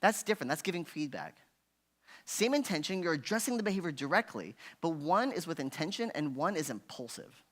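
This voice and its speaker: A man with a slightly high voice leads a parenting workshop in a relaxed, conversational way. He keeps checking in with his listeners by asking "right?" and now and then acts out a frustrated parent. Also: a little fast. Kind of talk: parent education talk. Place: church hall.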